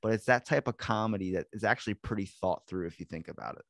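A man with a fairly low voice rambles through a casual podcast chat, cursing freely and slipping into voices as he retells scenes. The sound is close and dry, with no room around it. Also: quick pace, vocal fry, a bit bright, no echo. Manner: rambling, profane, acts out voices in stories. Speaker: podcast co-host.

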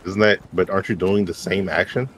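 A gaming teammate chatting casually, with relaxed, dry quips. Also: deep voice, a little fast, a little hiss or hum.

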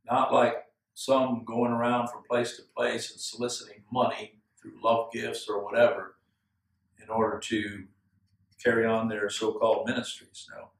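A male pastor giving an earnest, measured sermon with slow, emphatic phrases. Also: mid-range voice, level tone. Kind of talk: expository sermon. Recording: echoey room, from far off.

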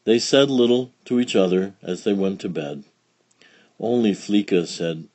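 A man reading a children's picture book aloud in a slow, expressive, gentle storytelling manner. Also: low-pitched, dry recording. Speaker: storybook reader.

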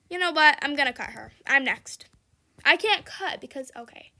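A woman's voice: high voice, expressive, moderate pace, sharp tone. A young woman giving casual, exclamatory commentary while playing a game, often frustrated and laughing. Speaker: gamer.

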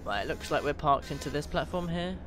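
A man from the UK chatting casually with his viewers during a live game stream, reading out their names and getting excited now and then. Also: fairly high pitch, a little fast, over music. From United Kingdom. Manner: chatty, reads out chat names, bursts of excitement. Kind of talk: casual gaming livestream chat.

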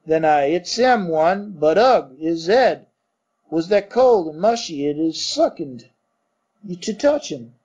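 A man reading as a coarse young Cockney bellboy from a storybook, blunt and rattled. He talks in rough working-class grammar, pitched higher than the narrator, with a mellow tone and a muffled sound. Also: lively intonation, slow, exaggerated voice. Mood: gossipy. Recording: dull muffled recording.

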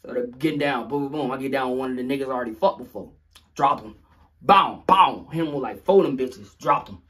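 A young man telling a story in a vlog, animated, acting out sounds and quotes. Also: medium pitch, brisk, breathy edge. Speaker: vlogger.

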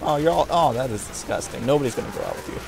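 An excitable gamer with a gravelly, medium-pitched voice races through casual let's-play commentary. He yelps and exclaims frequently as he plays.

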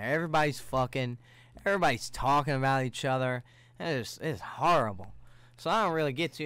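A man hosting a solo podcast, ranting in a rambling, profane way that swings from low mutters to heated outbursts. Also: a bit bright, smooth, dry recording. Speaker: podcast host. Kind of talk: casual solo podcast rant.

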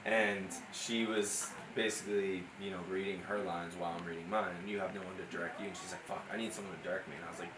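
A laid-back man with a low voice, joking about recording sessions. The room is echoey and there is clear background noise. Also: fairly even intonation, quick pace, hardly any pauses. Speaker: podcast voice actor. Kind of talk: casual chat.

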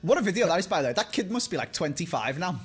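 A man's voice: sits high, very animated, rapid-fire, breathy edge, faint music behind. A man bantering as a gaming opponent, teasing and jokey in casual chat. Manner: teasing, jokey, wildly swooping delivery.

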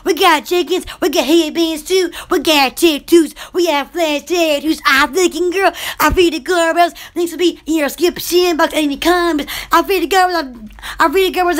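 A woman's voice: extremely high pitch, a bit bright. A woman who runs a small shop, chatting casually on a live stream, giggly and silly, blowing kisses and using many fillers. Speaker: small shop owner promoting her products.

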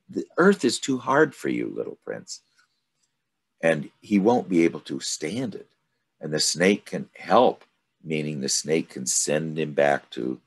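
A man leading a study group, reading aloud from a story and commenting on it in an unhurried, thoughtful way. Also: extremely low pitch, slightly rough. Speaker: study group discussion leader.

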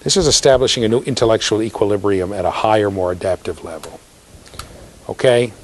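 A man's voice: fairly low pitch, a little fast. A man giving a classroom lecture in a conversational way, telling stories, checking in with students and acting out the voices of people he quotes. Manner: animated storyteller, acts out quoted voices. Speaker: university lecturer.

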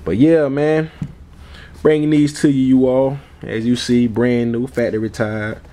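A man's voice: medium pitch, flat delivery, unhurried, mellow. A man vlogging casually about his sneakers in a laid-back way, often tacking on "man" and chuckling. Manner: laid-back, repeats "man" and "you all" a lot. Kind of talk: casual chat.

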